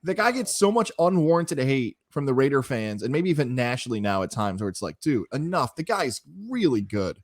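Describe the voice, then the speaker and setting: A man's voice: mid-range voice, sing-song, brisk, hardly any pauses, no room sound, studio quality. A man co-hosting a sports podcast, talking through team predictions with opinions and the odd mock quote. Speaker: podcast co-host. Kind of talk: casual sports chat and analysis.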